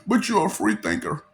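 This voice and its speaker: A man's voice: on the high side, creaky, sharp tone. A man giving a rambling solo monologue in a manic, taunting way, breaking into cackles between lines. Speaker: vlogger.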